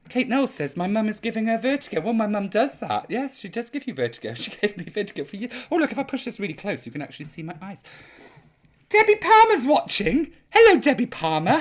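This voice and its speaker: An older woman hosts a live chat stream, reading viewers' comments aloud in a cheeky, sweary, rambling style. She sounds a little tipsy, and her voice is medium in pitch.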